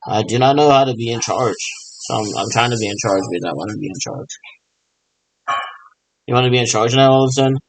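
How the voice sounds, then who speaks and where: A man with a voice of ordinary middle pitch rambles on his own. He mimics radio check chatter and keeps answering himself in a loose, repetitive back-and-forth. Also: fast talker, long pauses, no echo, low-quality recording. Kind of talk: rambling improvised monologue.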